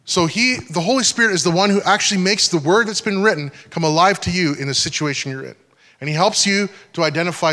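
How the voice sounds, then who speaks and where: A pastor giving a conversational sermon, often checking that the congregation is following. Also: male voice, high voice, quick pace, sharp tone. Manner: conversational teaching, frequent check-ins with listeners. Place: church hall. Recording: long hall reverb.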